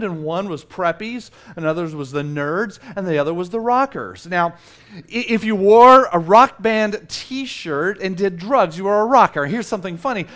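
Man, 40s, South Texas native, high-pitched, lively conversational preacher. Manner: animated and conversational, with self-mocking humor and repeated restarts. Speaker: pastor. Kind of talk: sermon.

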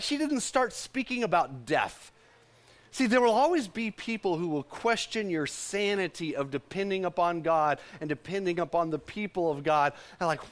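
A man's voice: fairly high pitch, very animated, moderate pace. A man preaching a sermon, repeating lines for the congregation to echo back. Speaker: pastor.

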